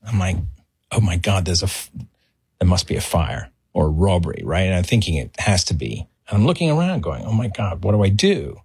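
A middle-aged man telling an animated anecdote on a podcast and acting out the voices in his story. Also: deep voice, brisk, breathy edge, no echo, clean studio sound.

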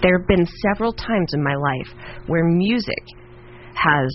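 Lively woman podcaster, chatty and quick to laugh, over faint background hiss. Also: lowish voice, highs cut off. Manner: animated storyteller, laughs easily. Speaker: podcast co-host. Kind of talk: casual chat.

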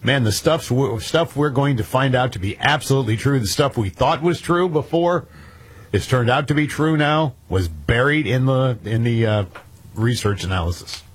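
A man's voice: medium pitch, moderate pace, a little hiss or hum. A man hosting talk radio, reading news items aloud and then chatting casually with his co-hosts. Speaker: radio show host.

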